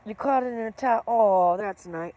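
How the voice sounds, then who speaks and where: A woman's voice: medium pitch, moderate pace, dark tone, slight background noise. A middle-aged woman chatting casually with viewers on her livestream, rambling from story to story and greeting people by name. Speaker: livestream host.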